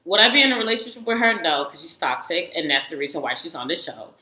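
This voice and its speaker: A woman chatting to camera with a bright, forceful voice. She speaks in loose, slangy, outspoken bursts and laughs often. The sound is roomy and echoing. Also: deep voice, fast. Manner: slangy, animated storytelling with frequent laughs; candid and outspoken, often swears. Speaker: reality TV reviewer. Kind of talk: casual chat.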